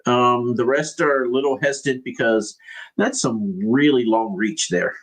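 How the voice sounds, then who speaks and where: A man's voice: medium pitch, unhurried, poor audio. A man narrating as game master in a casual, hesitant way with many fillers.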